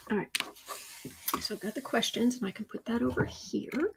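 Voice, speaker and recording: A woman's voice: fairly high pitch, normal speed, vocal fry, pauses often, a little hiss or hum. A woman chatting casually on her live stream at home, laughing often and cooing at her cat.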